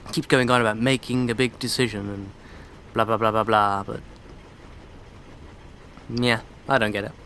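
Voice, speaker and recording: A man's voice: on the low side, steady tone, normal speed, pauses often, sharp tone, slight background noise. A man commenting casually on a video game he is playing, with sarcastic, irreverent asides. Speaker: let's play commentator.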